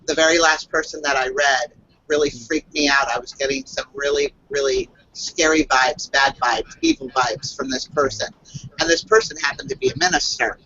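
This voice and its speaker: Bright-voiced woman telling a story on a call. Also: deep voice, animated. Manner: halting, earnest telling with many fillers and restarts. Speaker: psychic reader. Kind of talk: casual storytelling on a video call. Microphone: video call. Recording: lo-fi video call audio.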